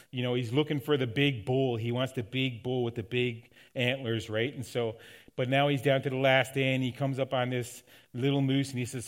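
A man's voice: medium pitch, steady tone, fairly quick. Folksy middle-aged male pastor preaching. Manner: conversational, folksy storytelling with restarts. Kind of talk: sermon with personal stories.

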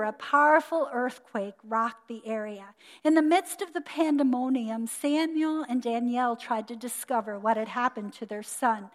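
A woman delivers a sermon in a high voice, telling stories with earnest emphasis. Her phrases tend to fall soft at the ends. The sound rings with a long reverb, as in a church hall. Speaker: preacher. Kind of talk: sermon with storytelling.

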